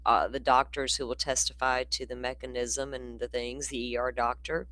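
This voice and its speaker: A woman's voice: extremely low pitch, level tone, moderate pace, a bit bright. A woman hosting a casual livestream, talking bluntly and profanely in a rambling way while she keeps yawning. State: yawning, sleepy. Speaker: livestream host.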